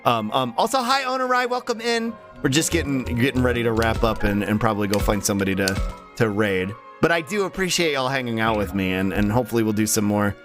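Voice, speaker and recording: A man streams with music in the background, speaking quickly in an expressive mid-range voice. His casual chat with viewers is rambling, full of um and uh restarts and easy laughter, and he reads chat aloud, his voice tired and strained.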